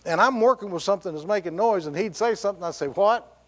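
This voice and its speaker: High-voiced preaching pastor. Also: male voice, racing. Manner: storytelling with laughs and quoted voices. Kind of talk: sermon. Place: church sanctuary.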